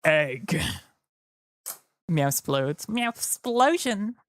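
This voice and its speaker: A man's voice: fairly high pitch, big pitch swings, drawn-out words, fairly bright tone, no room sound, clean studio sound. A tired man chatting casually to his live-stream audience, rambling and joking. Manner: rambling, jokey, slips into silly voices. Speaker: livestreamer.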